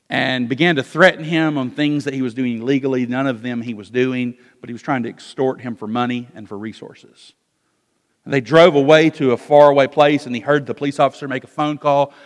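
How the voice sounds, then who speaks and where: A male pastor preaching an expository sermon, moving between loud emphasis and hushed asides. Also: mid-range voice. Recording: long hall reverb.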